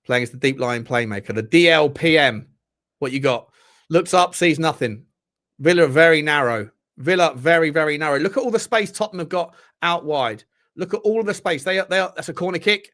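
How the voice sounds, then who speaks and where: A man hosting a live football watchalong from his room at home, commenting on the match, swearing and yelling at the players. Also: fairly high pitch, a little fast. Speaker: football channel host.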